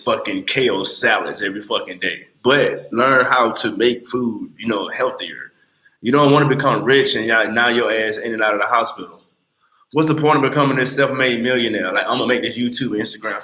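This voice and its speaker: A man in his late twenties talking bluntly and with lots of swearing on a casual livestream, telling animated stories. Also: mid-range voice, echoey room, low-quality recording. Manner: blunt, profane, animated storytelling. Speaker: livestream host.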